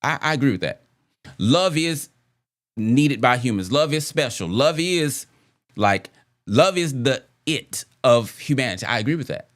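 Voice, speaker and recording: A man talking about relationships in a loose, conversational way. His pitch moves around a lot, and he often asks rhetorical questions and circles back to repeat phrases as he works out his point. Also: lively intonation, a little slow, a bit bright. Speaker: podcast host. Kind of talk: casual relationship talk.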